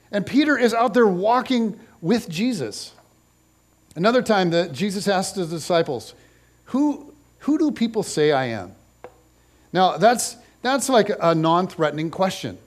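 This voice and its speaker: Animated man preaching a sermon. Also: high-pitched. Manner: animated storytelling, acts out voices. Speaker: pastor.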